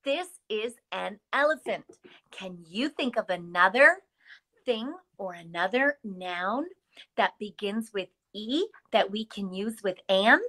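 A middle-aged woman teaching a live English lesson, speaking slowly and deliberately and sounding words out for learners. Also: medium pitch, animated, bright, forceful tone. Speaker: ESL instructor.

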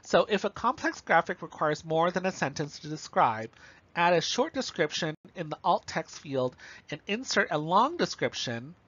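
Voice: medium pitch, sing-song, moderate pace, a bit bright, slightly rough. A university lecturer giving a recorded instructional lecture in a casual, explanatory way, often checking in with listeners. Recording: dull, slightly lo-fi dry recording.

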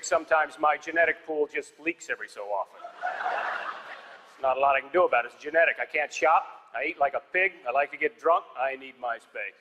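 A man's voice: a little high, a little fast. A man doing a stand-up comedy set on a theater stage, telling stories with dry, punchy one-liners. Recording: live hall reverb with audience noise.

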